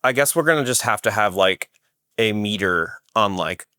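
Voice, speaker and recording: A man's voice: fairly low pitch, lively intonation, moderate pace, bright, forceful tone, smooth, no room sound, clean studio sound. A man hosting a podcast, talking casually in a rambling way with many restarts. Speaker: podcast host.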